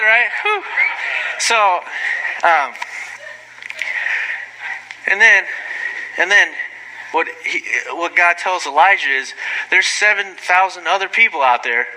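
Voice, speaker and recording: A man giving an informal, rambling sermon, full of asides and quick apologies, rising sharply when he gets excited. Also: high voice, slight background noise, rough recording. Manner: rambling, self-deprecating, frequent asides and apologies; animated, voice jumping up when excited. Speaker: lay preacher.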